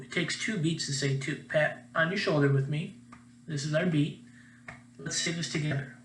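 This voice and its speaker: A man's voice: on the high side, moderate pace, a bit bright, reverberant, slight background noise, rough recording. A young man, a music teacher, giving a patient, encouraging recorded class lesson.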